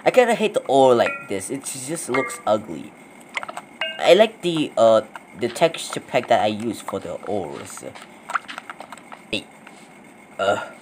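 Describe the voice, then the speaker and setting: A man giving live gameplay commentary, excitable and nervous, repeating his exclamations over and over. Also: mid-range voice, slow pace, long pauses, noisy background. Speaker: gaming video creator.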